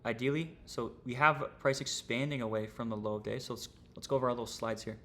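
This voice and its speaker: Gravelly young man, casual stream talk. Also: mid-range voice, fairly even intonation, fast talker, sharp tone, a little hiss or hum. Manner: casual, slangy, rambling with fillers. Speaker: trading streamer. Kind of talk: casual livestream lesson.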